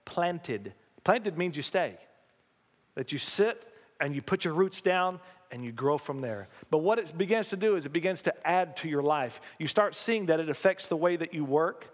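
Pastor preaching folksy in a hall. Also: male voice, on the high side, normal speed. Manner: folksy, animated preaching with call-and-response. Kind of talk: sermon. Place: church sanctuary.

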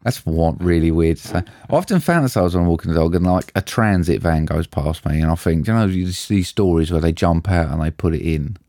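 A laid-back man co-hosts a podcast and jokes easily with his mate, swearing now and then. His voice is very low and warm. It is recorded dry and close. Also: brisk, hardly any pauses, dry recording. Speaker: podcast co-host. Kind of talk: casual chat.

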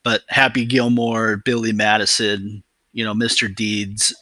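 A man's voice: lowish voice, flat delivery, unhurried, bright, forceful tone, dry recording. A man in casual chat who talks reflectively about his favorites, with many "you know"s.

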